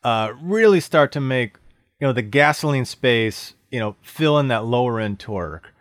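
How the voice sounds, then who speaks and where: Enthusiastic middle-aged car-podcast co-host. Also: male voice, medium pitch, moderate pace, no echo, clean studio sound. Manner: enthusiastic, animated, with many "you know" fillers. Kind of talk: casual car podcast chat.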